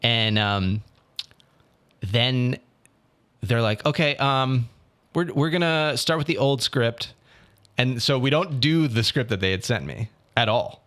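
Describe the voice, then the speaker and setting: Young man, casual podcast chat, animated storytelling, mid-range voice. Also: mid-range voice, slow pace, long pauses. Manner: animated storytelling, acts out others' lines. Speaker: podcast co-host.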